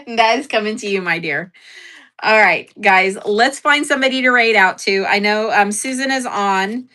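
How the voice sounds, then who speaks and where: Young adult woman livestream host, bright voice, giggly and rambling. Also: medium pitch, unhurried. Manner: giggly, self-deprecating, rambling with fillers. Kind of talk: casual livestream chat.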